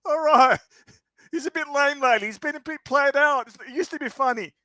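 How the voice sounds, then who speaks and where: Very high bright-voiced laughing stream host. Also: male voice, brisk, no room sound. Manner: amused, laughing, mocking. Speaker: livestream host. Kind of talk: casual profane stream banter.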